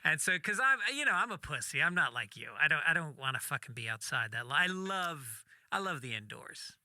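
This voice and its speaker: A man, a comedian, telling a story in casual talk, animated and acting out the voices of the people in it, with some swearing. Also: fairly high pitch, a little fast, dry recording, studio quality. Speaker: podcast guest, comedian.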